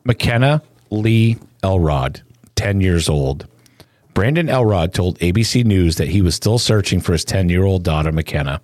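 A man narrating a somber news report in a solemn, measured way. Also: low-pitched, animated, darkish tone, dry recording, studio quality.

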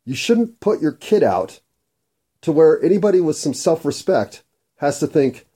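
A man's voice: fairly high pitch, big pitch swings, moderate pace, dark tone, husky. A man talking in a casual, rambling monologue while he eats, swearing freely as he goes. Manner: profane, rambling and food-obsessed. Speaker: vlogger.

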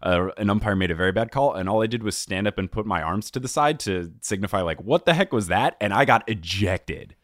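A man hosting a casual sports podcast, telling stories in an animated way and laughing often. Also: fairly low pitch, fairly quick, few pauses, no room sound, clean studio sound. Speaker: podcast host.

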